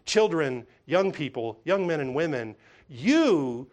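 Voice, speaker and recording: High-voiced man preaching a sermon. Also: very animated, takes it slowly, a little mellow. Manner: emphatic, repetitive preaching with frequent restarts; acts out voices of others when telling stories. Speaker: pastor.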